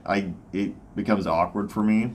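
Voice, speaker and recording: A man with a Southern American accent, a guest in a casual chat, talking haltingly with many fillers. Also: lowish voice, fairly even intonation, a little mellow, slight background noise. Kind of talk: casual conversation.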